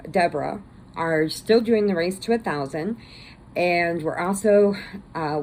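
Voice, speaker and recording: A woman's voice: lowish voice, darkish tone, slight background noise, low-quality recording. A woman hosting a crochet vlog, chatting casually in a rambling, laughing and teary way. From Illinois, US. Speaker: crochet channel host. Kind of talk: casual chat.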